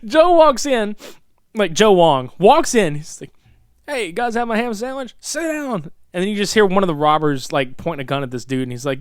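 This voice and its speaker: With a high-pitched voice and clean, echo-free studio sound, a man in his thirties co-hosts a podcast film review. He chats casually and crudely, swearing, getting excited, and acting out lines from the movie.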